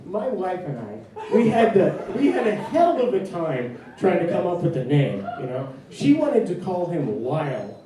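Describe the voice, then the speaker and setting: A young man doing a stand-up comedy set in a club, with a halting, deadpan delivery full of fillers. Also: high-pitched. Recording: distant mic in echoey club with crowd. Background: audience laughter.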